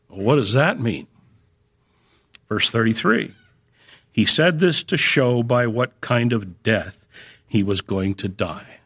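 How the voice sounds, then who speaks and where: Man preaching a measured sermon. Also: mid-range voice, lively intonation, fairly bright tone, husky. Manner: measured, emphatic on key phrases, slows for stress.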